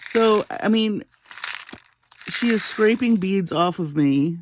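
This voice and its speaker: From her home bead room at 3 a.m., a jewelry-making channel host vlogs and tells a self-deprecating, chatty story, frequently dissolving into laughter. She speaks slowly in an animated, mid-range voice, with a noisy background.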